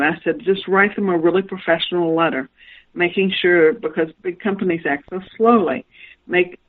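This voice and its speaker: Woman telling stories over a tinny phone line. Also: on the low side. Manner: recounts anecdotes, acting out quoted dialogue. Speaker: guest author. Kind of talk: storytelling interview.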